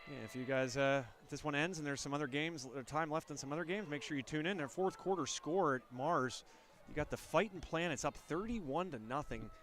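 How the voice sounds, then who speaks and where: Stuffy-nosed man calling high school football. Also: a little fast, few pauses. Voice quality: nasal. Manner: energetic play calls, rising on big plays. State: stuffy nose, sniffling. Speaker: play-by-play announcer.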